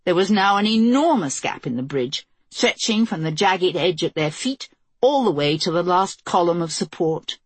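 A woman narrates a novel in measured, even storytelling. Her voice sits fairly low and has a husky grain. The sound is close and dry. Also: no echo. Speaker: audiobook narrator. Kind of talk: scripted narration.

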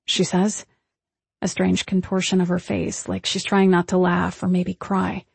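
A woman reads a first-person story aloud with measured, tense pacing. Her voice is husky and breathy. The recording is dry and close, with no room echo. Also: lowish voice, completely flat delivery. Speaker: audiobook narrator. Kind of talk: first-person audiobook narration.

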